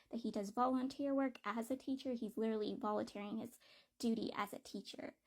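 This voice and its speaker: Woman ranting about a book she hates, swears a lot, kinda high but mellow voice. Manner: blunt, profane, exasperated. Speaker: book reviewer. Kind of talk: casual book review rant.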